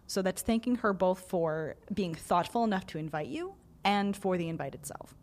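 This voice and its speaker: A woman's voice: lowish voice, lively intonation, normal speed, hardly any pauses, a little mellow. A woman co-hosting an advice podcast, giving frank, chatty answers to listener questions. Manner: frank, chatty, breaks into laughter. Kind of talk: casual advice chat.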